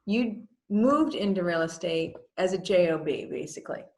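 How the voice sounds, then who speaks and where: A woman's voice: fairly low pitch, lively intonation, normal speed, a little mellow. A woman hosting an interview, asking questions and affirming her guest's answers. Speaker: interview host. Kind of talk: conversational interview. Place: studio set for a TV interview. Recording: roomy echo.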